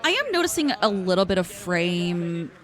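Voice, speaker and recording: A woman's voice: fairly low pitch, big pitch swings, normal speed, fairly bright tone. A woman streamer giving chatty live reaction commentary, musing aloud about what she sees.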